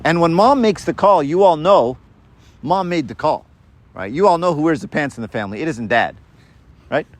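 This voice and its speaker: A man's voice: a little high, animated, normal speed, no echo. Chatty male preacher, keeps asking "right?". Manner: acts out quoted voices in a story. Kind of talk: informal sermon.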